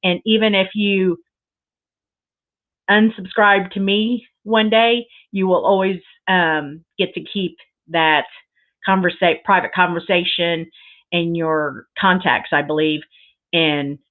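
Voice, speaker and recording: On a tinny, phone-like recording, a woman with a lowish voice speaks slowly and steadily. She's hosting a casual crafting livestream, chatting with viewers in a gushing, sentimental way and rambling with plenty of fillers.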